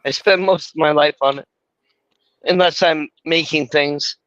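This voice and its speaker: A live stream host chatting casually and excitably, swearing freely. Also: mid-range voice, measured pace, no room sound. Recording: dull, muffled dry sound.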